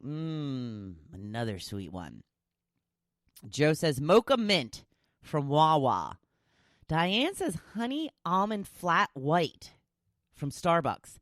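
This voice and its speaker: A woman hosts her own casual solo podcast, chatting and teasing herself, joking and laughing at herself before becoming encouraging and motivational. Her rumbling low voice has lively intonation and a slightly slow pace, in clean studio sound with no room echo.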